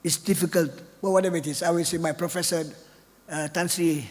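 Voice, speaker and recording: A man's voice: a little high, steady tone, a little fast. An older man, giving an off-the-cuff keynote speech in a chatty way that keeps checking in with the audience. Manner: chatty, asks the audience "right?" often. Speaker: keynote speaker. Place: large hall. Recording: long hall reverb.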